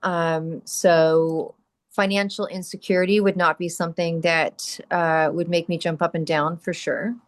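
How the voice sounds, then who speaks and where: A woman's voice: fairly low pitch, little pitch movement, measured pace. A middle-aged woman guest on an interview podcast, talking candidly and emphatically, answering her own rhetorical questions.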